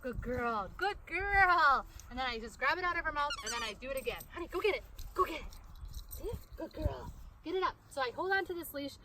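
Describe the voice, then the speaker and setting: A woman's voice: sits high, quick pace. A woman demonstrating dog training, coaxing commands to her dog between upbeat explanations. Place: outdoors with a dog. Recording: distant mic, loud outdoor noise.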